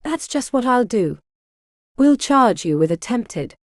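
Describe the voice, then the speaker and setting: A woman's voice: fairly high pitch, very animated, slow pace, dry recording, clean studio sound, pitched above the performer's own voice. A woman reading the part of an arrogant male hospital doctor who speaks with contempt and threats. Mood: threatening.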